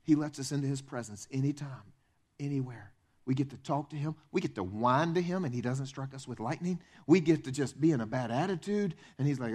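A man preaching a sermon as pastor in a church, animated and conversational, acting out the voices of the people in his stories. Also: fairly quick. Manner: animated, acts out quoted voices with big pitch swings.

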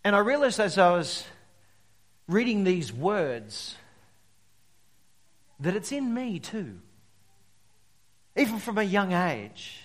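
A male pastor preaching a sermon, telling stories and swinging between loud emphasis and quiet drops. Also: high voice, very animated, slow pace, pauses often. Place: church service.

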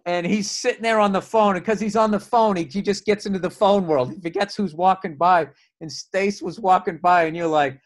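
Man, middle-aged, comedian guest, high-pitched, blunt, profane, casual podcast chat. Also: brisk, hardly any pauses.

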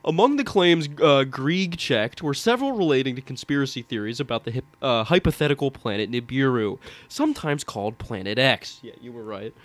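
A man's voice: mid-range voice, animated, fairly quick, no echo. Man reading aloud with laughing asides. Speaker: podcast co-host reading an article. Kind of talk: casual comedic chat.

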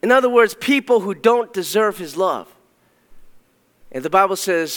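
A man's voice: high-pitched, expressive, moderate pace, long pauses, a bit bright, in a large hall. A man preaching a sermon as a pastor, emphatic and repeating phrases for stress. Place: church sanctuary.

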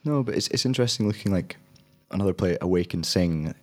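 A man's voice: low voice, animated, fast, a little mellow. A young adult man, a drama student, giving thoughtful, rambling interview answers with frequent restarts.

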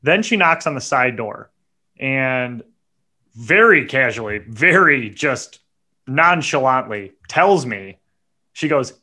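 A man, co-hosting a podcast and telling a story in a casual, animated, profane way. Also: mid-range voice, takes it slowly. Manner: animated, profane, builds to indignant outbursts. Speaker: podcast co-host.

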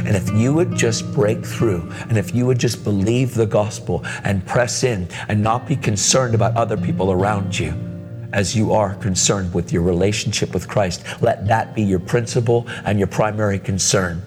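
A man preaching in a church, telling a story with lively acted-out voices and casual words like dude and man. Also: lowish voice, moderate pace. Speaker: guest preacher. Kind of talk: sermon storytelling. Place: church hall. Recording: reverberant church hall with music.

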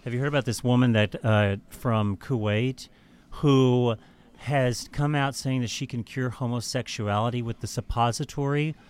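A man's voice: medium pitch, fairly even intonation, moderate pace, darkish tone, clean tone. Crude, laughing male podcast host. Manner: crude, mocking storyteller who swears freely and laughs often. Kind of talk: casual chat.

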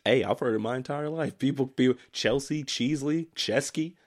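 A man from Maryland co-hosting a casual podcast, joking and teasing, often breaking into laughter. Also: moderate pace. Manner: animated, jokey, breaks into laughs, lively pitch. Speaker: podcast co-host.

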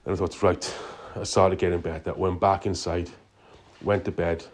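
A man's voice: deep voice, little pitch movement, moderate pace. A man calling in to tell a long, rambling story, swearing in nearly every sentence. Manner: profane, swears constantly; loose, meandering storytelling. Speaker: caller.

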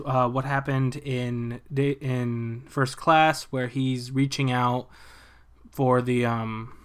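A young man casually retelling a movie plot, animated and profane, dropping into quick voices for the characters. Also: mid-range voice, clear, resonant tone.

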